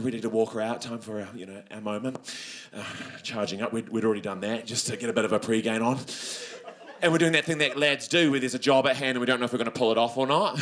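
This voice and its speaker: A young New Zealand man telling a stand-up story on stage, acting out voices and swinging from high squeals to low grumbles. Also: bright, forceful tone. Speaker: stand-up comedian. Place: comedy venue with laughing audience.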